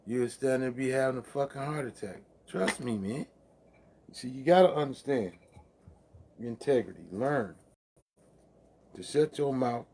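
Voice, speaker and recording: A man of middle pitch talks on a late-night stream in a loose, profane street manner. He preaches at his listeners and breaks into laughs at his own jokes. A faint hiss of noise sits under the voice. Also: unhurried, pauses often, a little mellow. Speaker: livestream host. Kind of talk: casual late-night monologue.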